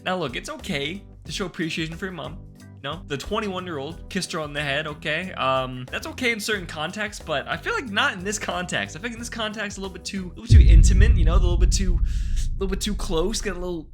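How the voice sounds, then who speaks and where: A man's voice: high voice, moderate pace, soft background music. A man hosting a reaction video, commenting casually in an incredulous, stammering way with nervous laughs. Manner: animated, incredulous, stammering exclamations.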